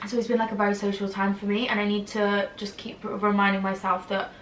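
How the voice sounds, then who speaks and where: A woman's voice: mid-range voice, level tone, a little fast, a little hiss or hum. A young woman with a slightly whiny voice, chatting casually to camera and rambling with lots of "like" fillers. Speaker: YouTuber. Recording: roomy, distant from the mic.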